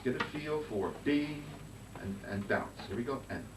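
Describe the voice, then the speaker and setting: Man, conducting teacher, brisk coaching, sings syllables, noisy distant recording. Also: mid-range voice. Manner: sings phrases in nonsense syllables to demonstrate. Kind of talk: master class instruction. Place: rehearsal room with band. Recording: roomy distant recording with noise.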